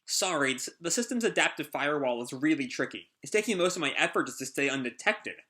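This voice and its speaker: A man's voice: fairly high pitch, expressive, fast, sharp tone. A man reading the lines of an earnest, polite young male fox sidekick. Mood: strained.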